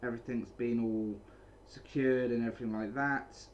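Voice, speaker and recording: In this clip, a man recaps and reviews a comic chapter casually, rambling and often restarting and repeating phrases, from a small, cold room at home where a heater is running. His voice is medium in pitch and steady in tone at a moderate pace; the highs are cut off and there's a little hiss or hum.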